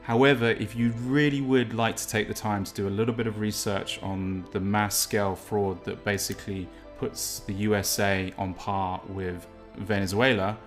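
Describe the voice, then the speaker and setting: Man from England, low voice, rambling and opinionated, walking outdoors on a beach, faint music. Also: fairly even intonation, moderate pace, few pauses. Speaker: vlog host. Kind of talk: casual walk-and-talk vlog.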